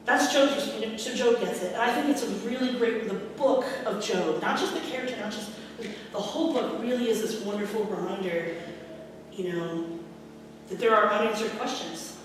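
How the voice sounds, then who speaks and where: A woman pastor giving a sermon in an animated way, acting out the scripture quotes and laughing often. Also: medium pitch, moderate pace, slight background noise. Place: church sanctuary. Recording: echoey church hall from far off.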